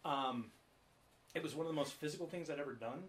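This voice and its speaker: A man's voice: fairly high pitch, quick pace, fairly bright tone. A man co-hosting a podcast, telling rambling stories in casual chat and swearing freely. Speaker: podcast co-host.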